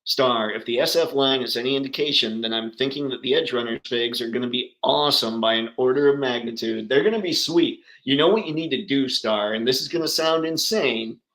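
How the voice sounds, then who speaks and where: A man's voice: mid-range voice, a little fast, few pauses, fairly bright tone, reverberant, low-quality recording. A man hosting a casual livestream chat, talking enthusiastically and answering viewers by name. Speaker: livestream host.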